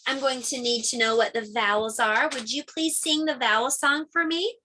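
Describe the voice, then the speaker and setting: A woman's voice: sits high, moderate pace, pushed and bright, a little hiss or hum. A middle-aged woman teaching a preschool lesson to small children, encouraging and sing-song. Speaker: homeschool pre-K teacher.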